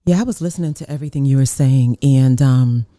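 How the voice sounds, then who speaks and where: A woman's voice: extremely low pitch, brisk, mellow. A woman co-hosting, talking casually and searching for her words. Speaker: co-host. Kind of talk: casual chat.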